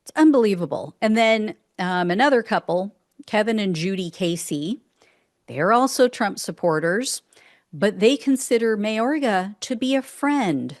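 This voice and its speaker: A woman's voice: medium pitch, animated, unhurried, dry recording, studio quality. Indignant, sarcastic woman political commentator. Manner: indignant and sarcastic, breaks into exasperated outbursts.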